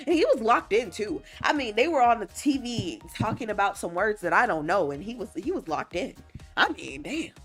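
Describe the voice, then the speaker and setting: A woman livestreamer in a casual chat, laughing often and teasing as she reads chat messages aloud and answers them. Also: fairly low pitch. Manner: playful, teasing, animated.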